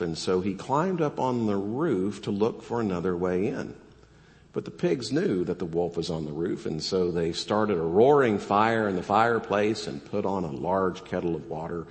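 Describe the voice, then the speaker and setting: A man preaching a sermon as pastor, casual and joking, animated as he tells a story. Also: fairly low pitch. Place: church sanctuary. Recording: long church reverb.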